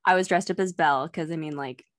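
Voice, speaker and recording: A woman's voice: deep voice, fast talker, no room sound, studio quality. A young woman in her twenties, a guest chatting casually and telling stories with frequent giggles. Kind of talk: casual chat.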